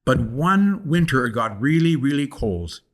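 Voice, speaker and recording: A man's voice: mid-range voice, very animated, measured pace. An older man telling a folk tale aloud. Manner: rhythmic, repetitive storytelling cadence. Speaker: guest storyteller. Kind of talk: oral storytelling.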